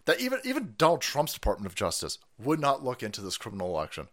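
A man hosting a livestream, ranting sarcastically with profanity and shouted outbursts. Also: medium pitch. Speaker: livestream host. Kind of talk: ranting political commentary.

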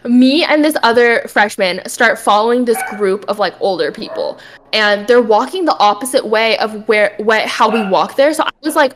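A woman's voice: on the high side, fairly quick. A young woman co-hosting a podcast, telling a story in casual chat, acting out quotes and swearing often. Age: young adult. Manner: animated storytelling, acts out quotes, frequent swearing. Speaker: podcast co-host.

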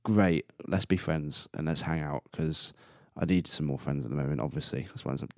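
A young man in his twenties talks on his own podcast with a very low, deep voice, close to the mic in a dry, dead room. He rambles casually and laughs at his own jokes. Now and then he coughs or burps. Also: normal speed, creaky, no room sound. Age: 20s. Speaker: podcast host. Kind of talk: casual solo podcast monologue.

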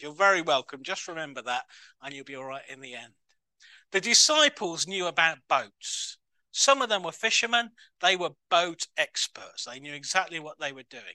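Animated male preacher, bright voice. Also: fairly high pitch, no room sound. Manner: chatty, self-mocking, jumps into excited voices for others. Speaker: minister. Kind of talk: sermon. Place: church.

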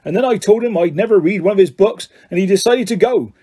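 A man's voice: high voice, fast, warm tone, breathy edge. A man voicing a huge, good-natured gamekeeper with a hearty, boisterous manner.

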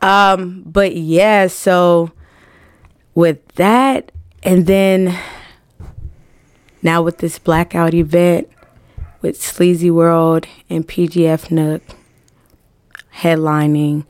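A woman's voice: on the low side, little pitch movement, very slow, long pauses, a little mellow, clean tone, no echo. A woman who manages and promotes music artists, talking bluntly and jokingly with slang in a casual studio podcast interview.

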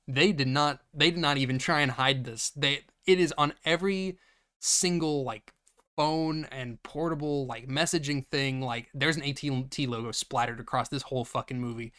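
A man's voice: mid-range voice, a bit bright. A young man hosting a podcast, recapping a movie casually, laughing and swearing freely. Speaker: podcast host.

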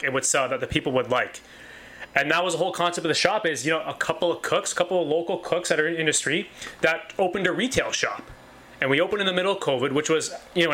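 A man with a slightly raised, bright and forceful voice pitches his butcher shop with eager enthusiasm. He stacks up repeated phrases and stumbles into restarts as he talks. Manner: enthusiastic, repetitive, many restarts. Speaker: butcher shop owner, guest. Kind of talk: casual interview talk.

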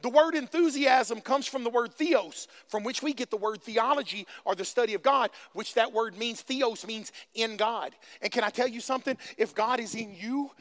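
A male pastor preaching with high energy, his voice sitting very high and ringing bright. He calls out to the crowd and hammers his points home by repeating them. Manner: calls out to the congregation, repeats phrases for emphasis.

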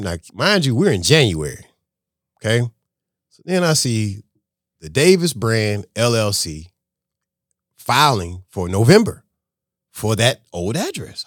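Lively man telling a story. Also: on the low side, a little slow, long pauses, no room sound, clean studio sound. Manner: animated, acts out conversations. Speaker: podcast guest, restaurant owner. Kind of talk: casual storytelling.

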